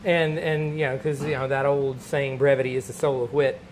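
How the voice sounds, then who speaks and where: A man, a stand-up comedian, telling a long anecdote in casual chat, animated and laughing between lines, with many fillers. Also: mid-range voice, fairly quick, over a noisy crowd.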